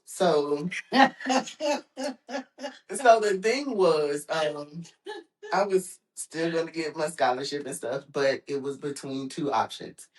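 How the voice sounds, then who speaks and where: A woman's voice: slow pace, pauses often. A woman from Texas, a podcast guest, telling stories in a casual chat with frequent laughs and quoted voices. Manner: animated, laughs often, acts out quotes in a high voice. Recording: roomy echoing room.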